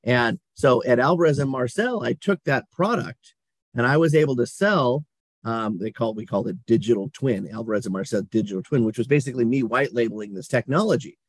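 Husky-voiced man telling animated stories. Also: mid-range voice, fairly quick, dry recording. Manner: animated, laughs often, acts out quotes. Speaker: guest, company CEO. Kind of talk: casual interview storytelling.

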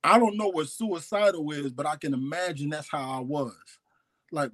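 A man's voice: on the high side, moderate pace, a bit bright, dry recording. Man giving a raw, hesitant confession. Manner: confessional, hesitant, repeats himself. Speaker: guest telling his life story. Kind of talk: candid personal testimony.

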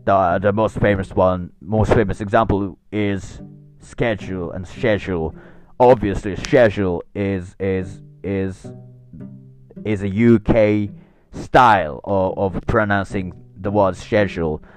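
A man's voice: low-pitched, steady tone, takes it slowly, faint music behind. A man hosting a solo podcast, speaking with an attempted English accent and thinking aloud with many restarts and repeated words. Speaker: podcast host.

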